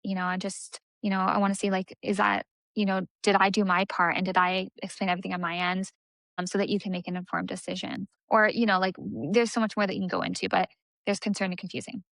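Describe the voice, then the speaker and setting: A woman's voice: medium pitch, little pitch movement, quick pace, creaky, a bit bright, no room sound. A young woman coaching in a casual teaching talk, chatty and full of fillers, acting out what clients might say. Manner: chatty, many "like" fillers, acts out client voices. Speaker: aesthetics business coach.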